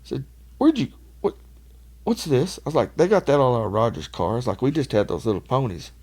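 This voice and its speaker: A man's voice: mid-range voice, animated, fast, a little mellow. A middle-aged man, telling stories as a podcast guest, swearing freely and laughing often. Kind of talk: casual storytelling.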